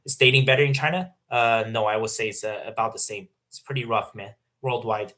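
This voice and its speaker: A young man hosting a livestream, reading out viewer questions and answering in a halting, filler-heavy casual way. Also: fairly low pitch, bright, forceful tone. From Canada. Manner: halting, many fillers and restarts, laughs often. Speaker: livestream host. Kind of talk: casual livestream chat reading super chats.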